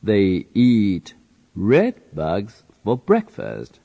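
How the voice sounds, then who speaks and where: A man reading a simple story aloud in short phrases, slowly and evenly, so that learners can repeat each one. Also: lowish voice, huge pitch swings, vocal fry, mellow, dull audio. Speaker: reading teacher.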